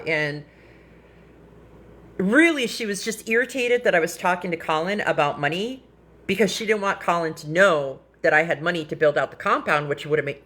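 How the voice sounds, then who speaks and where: A middle-aged woman, an activist, telling her own experience in a frank, animated way on a casual live stream. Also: low-pitched. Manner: animated, quotes people in lively voices; frank and blunt.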